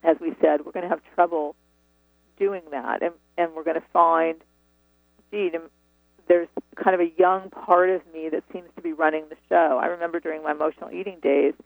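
A woman's voice: sits low, steady tone, a little fast, creaky, no echo. A woman author telling her story earnestly and reflectively in a phone interview, over a tinny phone line. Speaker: author and guest.

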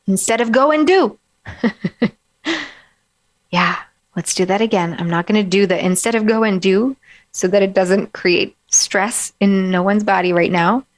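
A woman life coach giving a gentle, encouraging self-help talk and guiding the listener through slow breaths. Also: medium pitch, steady tone.

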